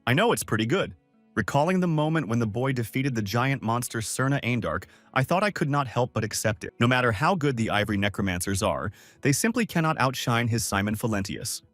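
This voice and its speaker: A man narrates a scripted story recap with animated intonation, speaking fairly quickly in a mid-range voice. The sound is close and dry, with no echo or room sound, and soft music plays faintly underneath.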